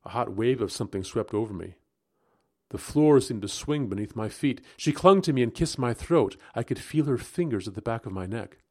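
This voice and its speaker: A man narrating a gothic story aloud in the first person, expressive and rising into agitation at tense moments. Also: mid-range voice, moderate pace. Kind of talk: dramatic audiobook narration.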